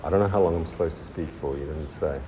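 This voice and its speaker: A man telling his recovery story in a halting, heartfelt testimony full of pauses and restarts. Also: rumbling low, long reverb tail, background noise. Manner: halting, many ums and restarts. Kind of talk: personal testimony.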